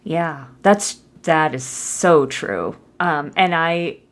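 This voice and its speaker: A woman hosting a podcast interview, chatty and quick to laugh. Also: deep voice. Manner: chatty, laughs often, many fillers. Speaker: podcast host.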